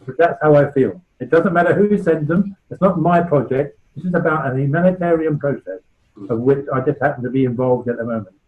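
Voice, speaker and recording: Narrow, tinny audio captures a fairly high-pitched man speaking briskly. This West Country charity founder in his sixties is addressing a club informally, chatting through anecdotes and asking "right?" now and then.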